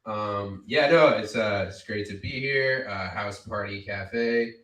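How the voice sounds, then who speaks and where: A man doing a stand-up comedy set, rambling and halting, with many fillers, in a basement cafe. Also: fairly low pitch, a bit bright. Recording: echoey basement, distant mic.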